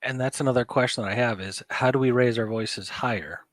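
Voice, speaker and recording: A man hosting a podcast who asks measured questions in casual conversation. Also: mid-range voice, no room sound. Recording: dry close sound.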